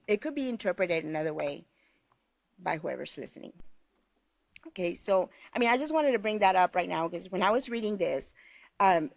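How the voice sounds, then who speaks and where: A woman's voice: medium pitch, dry recording. A woman leading a teacher training class, talking conversationally and often checking in with "okay?" while she tells stories. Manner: conversational, frequent "okay?" check-ins, storytelling. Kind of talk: live online class instruction.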